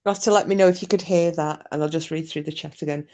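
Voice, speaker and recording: Hosting a casual live chat with viewers, a Scottish woman rambles and jokes, full of fillers and restarts. Her voice is low-pitched and mellow, with fairly even intonation, and she talks fast.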